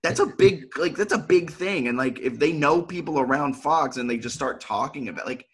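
Husky man chatting on a podcast. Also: a little high, moderate pace, a bit bright. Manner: talkative, earnest, many "like" fillers. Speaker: podcast co-host. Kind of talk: casual chat.

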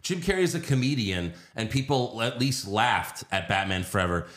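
A man with a fairly low voice talking through a casual movie podcast. He rants with plenty of swearing and jumps into brief mocking impressions. He sounds like a man in his thirties. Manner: profane, animated, mimics actors in quick bursts. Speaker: podcast co-host. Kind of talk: casual movie review chat.

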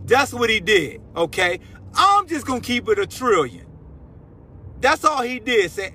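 A male sports-show host ranting in a heated, slangy voice. His voice sits high and sounds bright and forceful. He cuts in and shouts over others. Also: big pitch swings, a little slow, husky. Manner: fiery, slangy, shouting interruptions. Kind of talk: heated sports talk rant.

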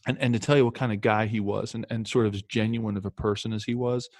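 A man in his fifties who once played pro football tells stories casually, rambling along with plenty of fillers and restarts. His voice sits lowish and a bit dark, with a steady tone and a fast pace. The recording is dry and clean, with a studio sound.

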